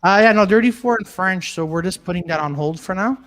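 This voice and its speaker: A man's voice: high voice, quick pace, fairly bright tone. A man, a comedian, chatting on a live video call show, rambling and hesitant. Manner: hesitant, rambling with many fillers. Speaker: comedian and podcast co-host.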